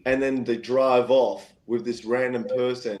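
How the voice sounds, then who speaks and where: A man's voice: unhurried, rough recording. A man, a guest singer-songwriter, telling a long story in casual chat. He jumps into quoted voices and keeps circling back with "anyway". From Australia. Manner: animated, acts out quoted voices with big pitch jumps, keeps saying "anyway".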